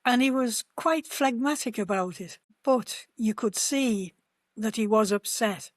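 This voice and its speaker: A woman co-hosting a fan podcast, recapping scenes in a gentle, thoughtful way. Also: fairly high pitch, a little slow, dry recording. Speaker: podcast co-host. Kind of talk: casual chat.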